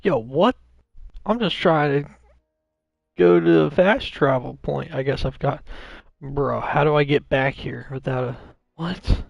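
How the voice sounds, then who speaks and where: A man's voice: fairly high pitch, measured pace, creaky, no echo, lo-fi sound. A man commenting on his game live, rambling and swearing in frustration. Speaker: streamer.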